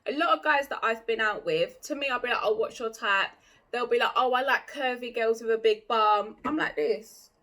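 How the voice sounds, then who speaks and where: A woman's voice: fairly high pitch, a bit bright. A young woman vlogging in a blunt, chatty, opinionated way, full of "like". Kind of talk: casual chat to camera.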